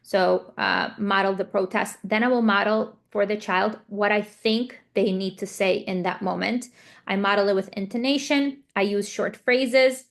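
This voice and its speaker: A woman's voice: medium pitch, fairly even intonation, a little slow, gravelly. Woman speech therapist explaining to parents. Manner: explanatory, repeats points with example scenarios; frequent fillers like "um" and "like". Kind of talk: parent training lecture. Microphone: video call.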